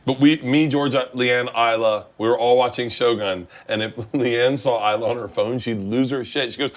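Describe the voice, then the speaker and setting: A middle-aged man hosts a cooking show in an easy, chatty way. He rambles from story to story, swears freely and breaks into laughter often. His voice sits at an ordinary middle pitch. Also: moderate pace. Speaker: host of a cooking talk show. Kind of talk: casual chat while cooking.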